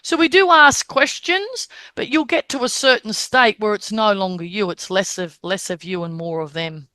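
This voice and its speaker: Clear-voiced woman teaching mediumship. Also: mid-range voice, normal speed, bright, forceful tone, dry recording. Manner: checks in often with "Okay?"; acts out the spirits' words and gestures. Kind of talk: explanatory teaching talk.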